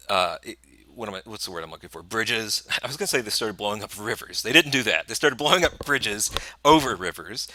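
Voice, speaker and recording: A man's voice: on the low side, bright, forceful tone, dry recording. A man giving a history lecture. He talks in a loose, conversational way, tells events as a story, acts out nations as speakers and corrects himself as he goes. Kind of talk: recorded classroom lecture.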